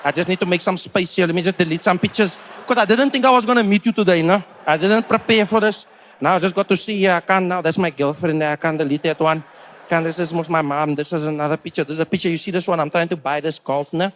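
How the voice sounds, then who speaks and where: A man playing an excitable young South African fan in overalls who talks loudly and insistently, on a comedy club stage. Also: on the high side, fast, slight background noise, natural voice. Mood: chatty. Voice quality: loud, insistent, chatty.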